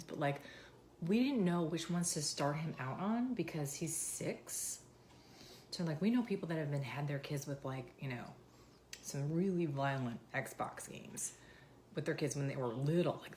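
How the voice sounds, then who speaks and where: A woman's voice: sits low, a little hiss or hum. A woman in her thirties, chatting casually and rambling on camera at home. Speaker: vlogger. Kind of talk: casual chat. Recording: roomy echo.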